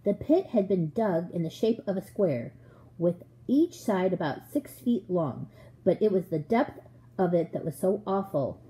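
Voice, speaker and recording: Mellow woman reading a storybook. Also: fairly low pitch, poor audio. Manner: expressive, measured reading. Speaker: audiobook reader. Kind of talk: storybook narration.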